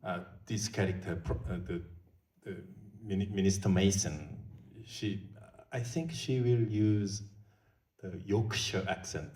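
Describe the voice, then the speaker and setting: A middle-aged man with a Korean accent answering questions at a film Q&A, switching between Korean and English, with laughs and halting restarts. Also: low voice, darkish tone. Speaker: film director. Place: large theater hall. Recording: echoey hall, from far off.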